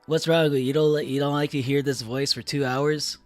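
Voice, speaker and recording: A man imitating a gruff male jail guard from an animated video, loud and scolding. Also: fairly high pitch, fairly quick, no room sound, soft background music, lightly acted.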